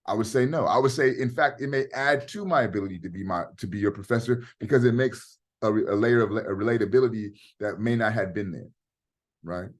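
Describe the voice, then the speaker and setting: Teaching over a video call, a middle-aged man gives an online class lecture in a casual, direct style, cursing freely. His voice is on the low side and he speaks fairly quickly.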